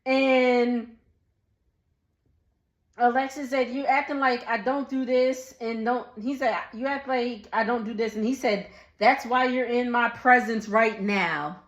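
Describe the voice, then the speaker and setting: A woman, giving a sassy, animated casual recap and talking back to the people on screen. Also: on the high side, unhurried, reverberant. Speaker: recap vlogger.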